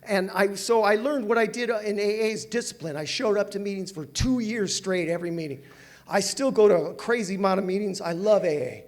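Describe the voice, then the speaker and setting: An older man from Southern California gives a personal storytelling talk at a recovery meeting, animated and self-mocking, and laughs often. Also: high voice, a little fast. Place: meeting hall with audience.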